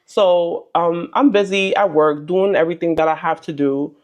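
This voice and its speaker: A woman's voice: fairly low pitch, normal speed, darkish tone. A young adult woman tells her faith testimony straight to camera. She talks in a casual, earnest, chatty way, with plenty of ums and likes. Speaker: vlogger sharing a testimony.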